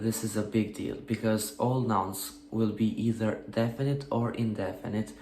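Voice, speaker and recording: A man's voice: lowish voice, darkish tone. A man teaching a language lesson, explaining grammar rules patiently, step by step, and asking rhetorical questions. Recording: echoey room with faint hum.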